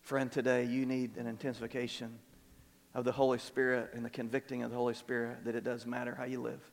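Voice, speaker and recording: Earnest pastor preaching in reverberant sanctuary. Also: male voice, mid-range voice, little pitch movement, fast, creaky. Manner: earnest, repeats words, swings between soft and emphatic. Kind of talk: sermon. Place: church sanctuary.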